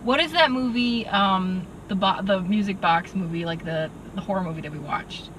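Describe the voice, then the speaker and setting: A woman with a bright, sharp tone talks through a movie review in animated, exasperated bursts. She speaks from inside a car, with a faint road hum underneath. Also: medium pitch, poor audio. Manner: animated, exasperated, quick asides with "like". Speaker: podcast co-host. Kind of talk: casual movie review chat.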